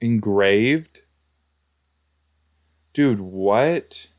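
A man's voice: lowish voice, expressive, extremely slow. A man giving casual, exclamatory commentary while reacting to a show, talking back to the screen. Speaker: reaction video host.

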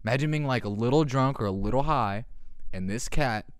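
A young man hosting a casual podcast, excitable and laughing often, swearing and doing deep meows as he reacts to memes. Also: a little fast, clean tone, dry recording, clean studio sound. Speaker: podcast host. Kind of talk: casual meme commentary. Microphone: handheld podcast mic.

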